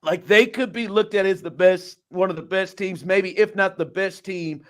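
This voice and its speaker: A man hosting a casual sports talk show, animated and incredulous, laughing often and packing his talk with fillers. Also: high-pitched, normal speed. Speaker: podcast host.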